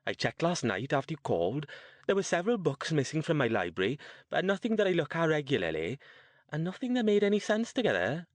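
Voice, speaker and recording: A man's voice: a little high, sing-song, brisk, dry recording, voice pushed up. A man voicing a woman of about sixty, a reserved mage, speaking in a precise and slightly fussy way. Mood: puzzled.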